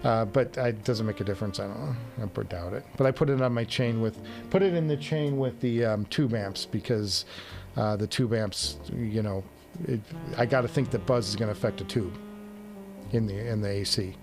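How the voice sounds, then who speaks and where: A man's voice: on the low side, normal speed, creaky, a little mellow, soft background music. A man hosting a casual live stream. He reads viewer comments and rambles in a self-deprecating way, chuckling often. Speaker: livestream host.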